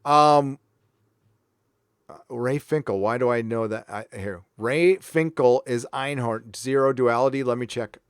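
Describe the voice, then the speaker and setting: A man's voice: mid-range voice, steady tone, measured pace, long pauses, clear, resonant tone, no room sound, clean studio sound. Sarcastic man hosting a livestream. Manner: sarcastic, mock-earnest. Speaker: host reading viewer donations. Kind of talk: casual livestream chat.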